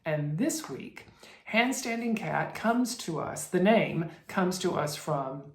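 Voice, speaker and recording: Low-voiced woman rambling on her stitching vlog, lots of restarts, echoey room. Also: lively intonation, slow pace, darkish tone. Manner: chatty and rambling, with many restarts and fillers. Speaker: cross-stitch vlogger. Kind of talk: casual chat to camera. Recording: roomy echo.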